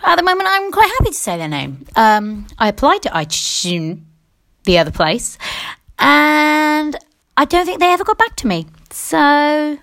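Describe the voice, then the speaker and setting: A woman's voice: high voice, big pitch swings, measured pace, gravelly, fairly bright tone. A young English woman hosting her own podcast, ranting casually with lots of swearing and restarts. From England. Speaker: podcast host. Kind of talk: casual solo podcast rant. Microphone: personal mic in a quiet room.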